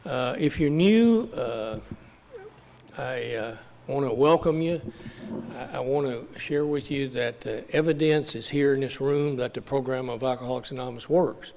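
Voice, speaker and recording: An older man from Texas giving a halting, folksy personal testimony at a recovery meeting. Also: medium pitch, gravelly, a little hiss or hum. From Texas, USA. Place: meeting room. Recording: dull lo-fi recording with long hall reverb.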